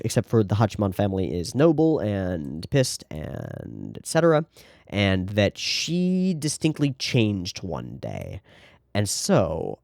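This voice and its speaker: A man's voice: lowish voice, gravelly, darkish tone, no echo, clean studio sound. A man hosting an anime reaction, talking through the episode in a casual, sarcastic way with rambling asides.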